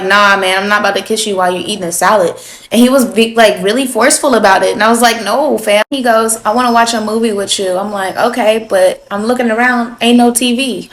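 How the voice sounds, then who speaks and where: Young adult woman, sassy storyteller, fairly high voice, chatty casual storytime. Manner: sassy, conversational, addresses viewers as y'all.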